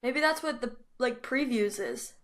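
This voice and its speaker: A woman with a fairly high voice chatting on a podcast. She chimes in with short, curious questions and quick reactions. Her talk is relaxed and conversational. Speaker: podcast co-host. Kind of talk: casual podcast chat.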